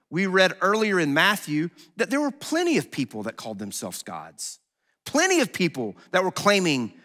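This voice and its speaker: A man pastor preaching a sermon in a conversational, animated way, acting out quotes as he goes. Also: high-pitched. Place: church sanctuary. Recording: long hall reverb.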